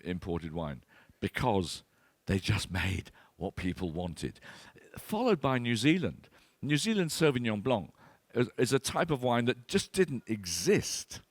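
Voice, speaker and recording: A man's voice: lowish voice, no echo. An older man, giving an enthusiastic, anecdotal talk as a wine expert. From Britain. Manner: enthusiastic storyteller, animated, acts out voices.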